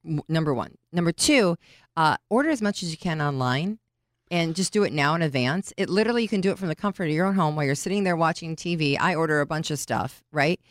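Woman podcast co-host, lowish voice, practical step-by-step tips, dry close-miked sound. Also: animated, quick pace, no room sound. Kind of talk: casual chat.

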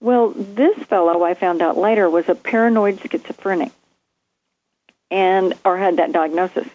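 A woman, a former nurse, telling a vivid story from her training in a lively conversation. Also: medium pitch, normal speed, muffled recording. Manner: animated, vivid storytelling with acted quotes. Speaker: guest, nurse.

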